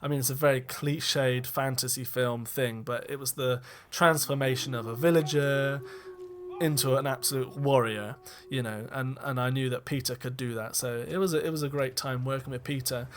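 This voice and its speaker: A man's voice: mid-range voice, steady tone, moderate pace. A man giving a casual, rambling commentary as a film director, candid and self-deprecating, with frequent ums and restarts.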